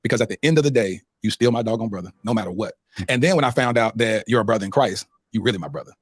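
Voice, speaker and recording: Fast-talking earnest man, dry sound. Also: lowish voice, dry recording. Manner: earnest, preacherly, emotional. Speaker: podcast host. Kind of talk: earnest podcast talk ending in prayer.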